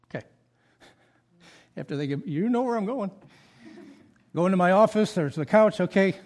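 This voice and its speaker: Animated high-voiced male pastor preaching. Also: moderate pace. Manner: animated storytelling with acted quotes and asides; drops soft and low for confessions. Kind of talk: sermon.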